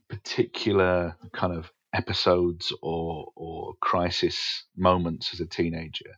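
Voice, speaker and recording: An English man, a stand-up comedian, frankly recounting his teenage years in a podcast interview, swearing casually and pausing with fillers. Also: low-pitched, no room sound. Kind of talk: candid interview storytelling. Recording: dull, dry podcast audio.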